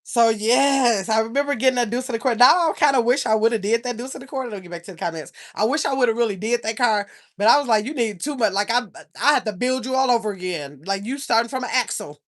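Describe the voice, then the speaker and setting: A woman's voice: a little high, fast, hardly any pauses. An older woman, hosting a casual livestream, rambling and chatting with viewers. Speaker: channel host.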